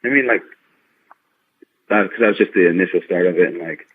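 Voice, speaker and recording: A man talking as a guest on an interview podcast, rambling excitedly and stringing his stories together with lots of fillers. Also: sits low, a little fast, slightly rough. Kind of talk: casual interview chat. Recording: tinny phone-like line.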